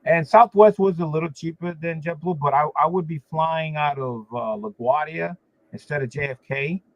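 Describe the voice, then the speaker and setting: A man holds court on a livestream in a casual, animated way, leaning hard on his complaints and padding them with fillers. His voice sits a little high. It comes through dry and close, but the sound is dull and lo-fi. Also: normal speed, no room sound. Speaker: livestream host. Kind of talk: casual chat.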